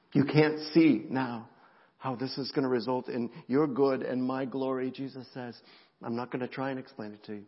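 Emotional middle-aged pastor preaching in a hall. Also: male voice, mid-range voice, steady tone, moderate pace. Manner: emotional, swings from hushed to rising intensity. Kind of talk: sermon. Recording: muffled sound in a reverberant hall.

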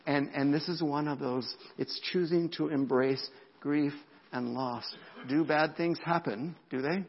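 Man, pastor mid-sermon; gravelly voice, dull lo-fi church recording. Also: on the high side, a little slow. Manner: animated, repeats words, drops to a whisper for emphasis.

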